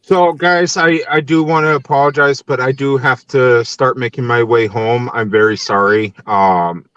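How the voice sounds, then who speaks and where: A man's voice: mid-range voice, steady tone, moderate pace, a bit bright, clean tone, dry recording, highs cut off. A young adult man from Tennessee hosting a podcast in casual chat, easygoing, laughing often and using many fillers. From Nashville, Tennessee. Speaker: podcast host.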